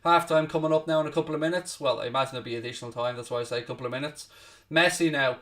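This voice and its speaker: A man hosting a live football watchalong, commentating casually, swearing a little, mocking himself, and shouting out loud at big chances. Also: medium pitch, very fast, distant mic. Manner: self-deprecating, swears casually. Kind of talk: live match commentary and chat with viewers.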